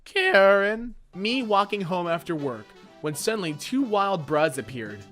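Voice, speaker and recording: A man with a fairly high, very lively voice reads memes and jokes aloud, playful and quick to laugh. Faint music plays behind him. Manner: playful, jokey, often laughing and doing quick silly voices. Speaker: meme video narrator.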